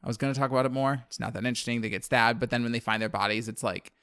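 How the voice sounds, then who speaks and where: A man's voice: mid-range voice, steady tone, very fast, a bit bright, clear, resonant tone, no room sound, clean studio sound. A man from New Orleans co-hosting a podcast, recapping a horror film in casual, profane chat and laughing often. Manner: chatty, profane, laughs often, many fillers.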